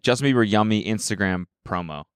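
A man's voice: on the low side, fairly quick, clean tone, no room sound, clean studio sound. A man chatting casually on a podcast, laughing a lot and riffing with mock quotes. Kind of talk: casual chat.

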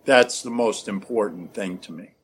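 A man chatting as a podcast guest, telling animated stories with frequent laughter. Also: fairly low pitch, normal speed, slight background noise. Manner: animated storyteller, laughs often. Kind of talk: casual chat.

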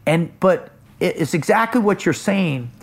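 Eager man spinning a quick story. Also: high voice, expressive, creaky. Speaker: founder of a kids program. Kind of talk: casual conversation, storytelling.

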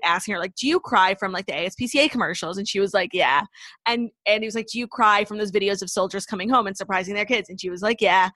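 In clean studio audio with no room sound, this podcast co-host, a young woman, gushes and swears through quick reality TV recaps in casual conversation. Her voice is medium-pitched with a fairly bright tone.

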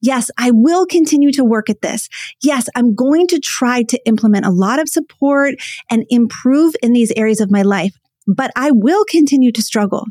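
Woman coach on her podcast, earnest and emphatic, kinda high voice, dead dry close mic. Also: lively intonation, moderate pace, mellow, no room sound. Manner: earnest, emphatic, repeats key phrases. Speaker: podcast host and ADHD coach. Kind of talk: solo podcast monologue.

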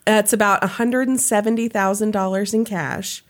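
A woman's voice: medium pitch, fairly even intonation, normal speed. Woman casually reading a story aloud. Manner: reads a story aloud with laughs and asides. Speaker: podcast host.

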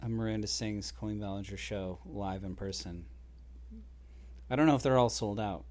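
A man in his thirties co-hosting a podcast, talking casually and playfully, rambling and getting loud and excited when he teases. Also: fairly low pitch, normal speed. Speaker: podcast co-host. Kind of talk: casual chat.

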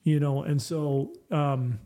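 A man telling stories in a casual conversation, animated, leaning on "I mean" and "you know" and often repeating and restarting phrases. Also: on the high side, slow pace.

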